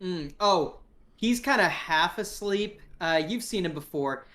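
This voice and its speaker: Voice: medium pitch, lively intonation, unhurried, fairly bright tone. A game master casually narrating a tabletop game, hesitant and full of fillers.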